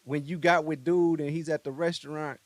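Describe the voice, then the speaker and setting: A man's voice: on the high side, fairly even intonation, normal speed, dry recording. A young man hosting a podcast in a studio, telling a story in a laid-back, rambling, slangy way with lots of asides. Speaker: podcast host. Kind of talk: casual commentary.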